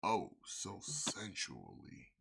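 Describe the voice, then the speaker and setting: Male toy show host, very low gravelly voice, hamming up a sultry tone. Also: wildly swooping pitch, extremely slow, bright, forceful tone. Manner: playful put-on low sultry voice, innuendo. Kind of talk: casual comedic chat.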